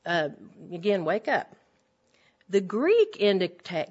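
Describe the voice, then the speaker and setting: A woman's voice: fairly low pitch, expressive, moderate pace. A middle-aged woman giving an earnest, emphatic church lecture to women, repeating her key phrases. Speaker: women's Bible teacher. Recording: dull lo-fi lecture recording.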